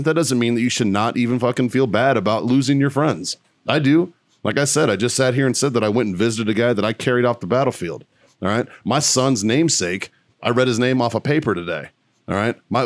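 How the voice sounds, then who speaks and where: A man's voice: medium pitch, dry recording. Blunt, profane man ranting on a podcast. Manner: blunt, heavily profane, emphatic. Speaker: podcast co-host. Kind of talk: profane rant.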